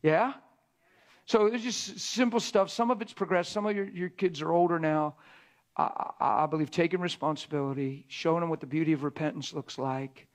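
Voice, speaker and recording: A middle-aged man delivers a conversational sermon in a fairly high voice. He talks to the room like a friend, then sinks into a hushed whisper to drive a point home. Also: a little fast. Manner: conversational preaching, drops to a hushed whisper for emphasis. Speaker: preacher.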